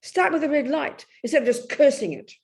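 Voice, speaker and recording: An older English Buddhist nun teaches a Dharma talk in a creaky voice, blunt and full of life. Her pitch jumps and falls as she recounts her story, moving swiftly from quiet side comments to sudden loud outbursts, and her delivery is direct and unrefined.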